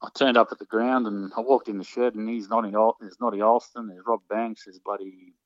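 A man reminiscing about his football days in a casual interview, halting often with ums and false starts. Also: fairly low pitch, level tone, no room sound. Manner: hesitant, many ums and restarts. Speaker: interviewee, former soccer player. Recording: dull, muffled recording.

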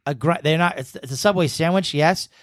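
New england guy hosting a podcast, rambly and swears a lot, slightly high voice, dead dry sound. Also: fairly quick, no echo. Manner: rambling, profane storytelling. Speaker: podcast host. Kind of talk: casual chat.

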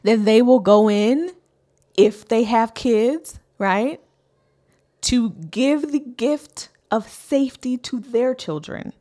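A woman in her thirties with a fairly high voice speaks as a parenting coach. She gives an earnest, encouraging faith-based talk and repeats her key lines for emphasis. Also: animated, takes it slowly, mellow.

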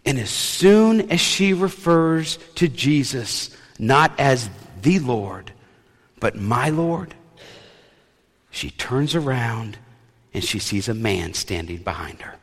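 Animated male preacher in a reverberant hall. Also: mid-range voice, takes it slowly. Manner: animated storytelling with playful asides. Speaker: pastor. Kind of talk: sermon.

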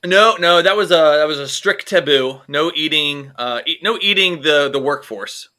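A man's voice: a little high, normal speed, pushed and bright. A man co-hosting a comedy podcast, rambling through jokes and swearing freely in casual chat. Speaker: podcast co-host.

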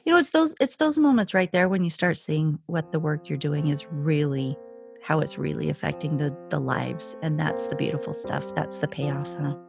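A woman's voice: low-pitched, lively intonation, moderate pace, vocal fry, over music. A woman hosting a talk show interview, enthusiastic and effusive with her guests. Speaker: host.

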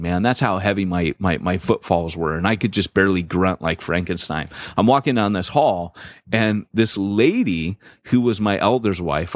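Middle-aged male podcast co-host, low voice, dry close sound, slangy animated storyteller. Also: no room sound. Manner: animated, slangy, lots of fillers. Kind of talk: casual storytelling chat.

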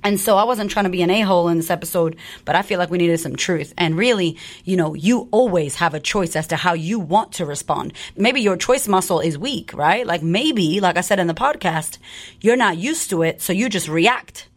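A woman's voice: lowish voice, moderate pace. A woman podcast host and coach talking in a blunt, profane, fired-up way in a casual monologue.

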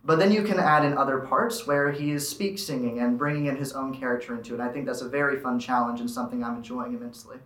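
A male high school student earnestly explaining stage dialects and his favorite song in a musical. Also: fast, few pauses, a bit bright, reverberant, poor audio. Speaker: student actor.

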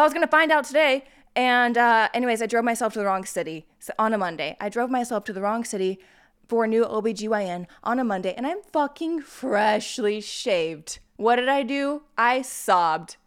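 A woman's voice: mid-range voice, clear, resonant tone. Rambling, profane young woman podcaster. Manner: rambling, profane, self-mocking. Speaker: podcast host. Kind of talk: casual solo podcast monologue.

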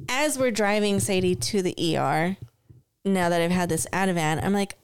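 Smooth-voiced woman telling stories. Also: fairly low pitch, normal speed, dry recording. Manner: candid, swears freely, animated storyteller. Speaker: podcast co-host. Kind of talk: casual chat.

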